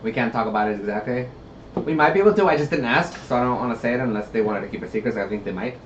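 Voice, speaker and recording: A man's voice: mid-range voice, rapid-fire. A man co-hosting a casual live stream while building puppets, offhand and teasing. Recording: roomy, dull, faint hiss.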